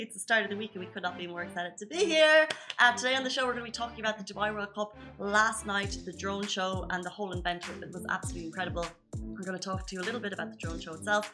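Bright-voiced upbeat woman podcast host. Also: medium pitch, rapid-fire, faint music behind. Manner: chatty, upbeat and animated. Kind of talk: casual news podcast chat. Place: studio in Dubai.

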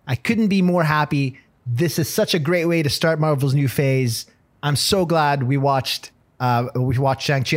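A man co-hosting a podcast in casual comedic banter, gushing and playfully teasing, often stumbling over his words. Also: mid-range voice. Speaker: podcast co-host.

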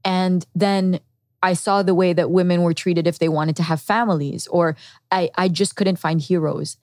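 A woman's voice: lowish voice, steady tone, moderate pace, darkish tone, dry recording. A woman guest on a podcast, earnestly and candidly telling her personal story and acting out her past thoughts. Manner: earnest and reflective, with quoted inner thoughts.

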